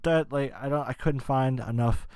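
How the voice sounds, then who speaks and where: A man's voice: mid-range voice, moderate pace, darkish tone, smooth, no echo. A man in his twenties hosting a casual podcast, ranting with lots of swearing and rambling restarts. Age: 20s. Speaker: podcast host. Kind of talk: casual rant.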